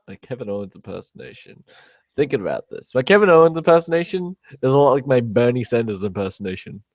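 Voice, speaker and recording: A man's voice: mid-range voice, animated, fast, a little mellow, dry recording. A man vlogging in a rambling, joking way, sometimes turning mock-indignant. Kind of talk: rambling solo chat to camera. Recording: dull, dry lo-fi home recording.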